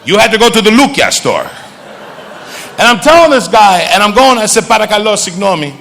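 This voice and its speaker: A middle-aged male comedian doing stand-up, telling lively stories and switching between English and Greek. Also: high voice, a little fast. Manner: animated storytelling, switches into Greek. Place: comedy stage. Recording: reverberant stage hall, faint ambience.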